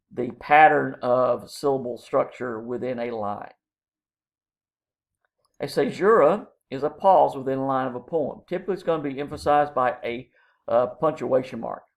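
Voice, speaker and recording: A man with a gravelly, fry-tinged voice lectures on poetic terms at an easy, measured pace. He stops often for ums and uhs as he lays out each definition, in the manner of a college English instructor. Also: medium pitch. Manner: explains terms slowly with many ums and uhs.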